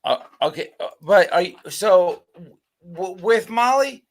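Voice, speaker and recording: A man's voice: high-pitched, animated, unhurried. A man hosting a live stream commentary, talking bluntly with profanity and stumbling restarts. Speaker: livestream host.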